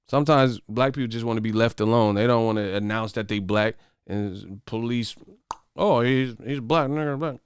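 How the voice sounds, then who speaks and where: A man's voice: mid-range voice, clean tone, dry recording, clean studio sound. A man hosting a boxing channel who rants to his viewers in casual, profane livestream chat. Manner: profane, animated ranting.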